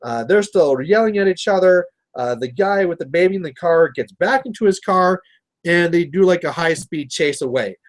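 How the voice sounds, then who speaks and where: Casual Canadian male streamer, rambling storyteller, slightly raised pitch. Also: expressive, normal speed. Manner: rambling storyteller, chatty with viewers. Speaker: miniature painting livestream host. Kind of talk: casual chat while painting.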